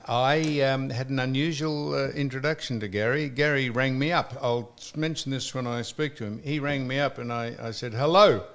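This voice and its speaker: A man's voice: medium pitch, steady tone, normal speed, hardly any pauses, a bit bright, clean tone. A man hosting a podcast, chatting casually with lots of restarts and the odd curse. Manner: rambling storyteller with frequent restarts and cursing. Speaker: podcast host. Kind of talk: casual chat.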